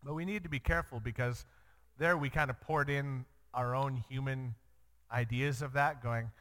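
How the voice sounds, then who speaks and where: Bright-voiced man teaching in a reverberant hall. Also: moderate pace. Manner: earnest, acts out quoted lines with sharp pitch jumps. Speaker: Bible teacher. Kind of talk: Bible teaching talk. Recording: long reverb.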